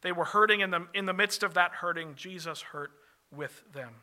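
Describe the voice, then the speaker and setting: A pastor delivers a sermon in a high, strikingly bright voice. He speaks earnestly, frequently slowing down and dropping to a hushed tone on the phrases he wants to land.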